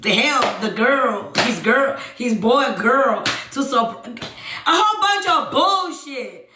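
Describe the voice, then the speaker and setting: A young woman telling a story on a live stream, animated and profane, often calling out to her chat. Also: sits high, slow pace, reverberant, noisy background. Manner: animated, swears freely, keeps addressing the chat. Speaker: livestream host.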